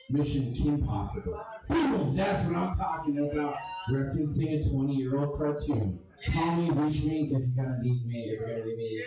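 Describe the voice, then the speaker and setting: A man doing a stand-up comedy set with crude, abrasive and self-deprecating jokes. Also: mid-range voice. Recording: echoey room, distant mic, crowd audible.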